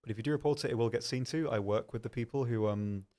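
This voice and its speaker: A man's voice: medium pitch, fast talker, mellow. A young man hosting a live stream, casually reading viewer questions aloud and answering them with frequent ums and self-deprecating asides. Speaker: stream host answering chat.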